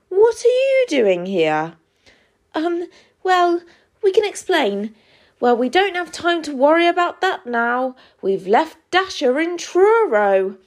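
A jolly old Father Christmas from a storybook, read by a woman, kindly but firmly in charge. His cheerful orders come out on the high side. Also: full character voice.

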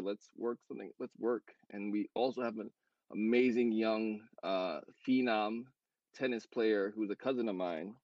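A man in casual podcast chat about his brand, rambling with many fillers and quick self-corrections. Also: on the low side, a little mellow, dry recording, muffled recording. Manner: talks fast. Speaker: co-founder of a clothing brand.

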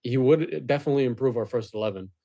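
A man co-hosting a casual football podcast, talking things through in a measured way with frequent restarts. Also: medium pitch, creaky, dark tone. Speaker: podcast co-host.

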